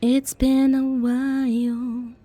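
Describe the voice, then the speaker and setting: A woman's voice: sits high, flat delivery, drawn-out words, mellow, no echo, soft background music. A woman streaming a game live, chatting candidly and jokingly with her viewers as she plays. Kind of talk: casual chat while playing live.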